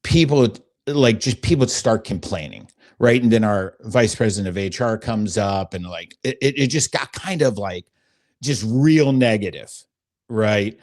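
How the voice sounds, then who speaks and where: A man's voice: on the low side, lively intonation, unhurried, a little mellow. A middle-aged man hosting a faith podcast, telling a personal story in an earnest, emotional, rambling way. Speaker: podcast host.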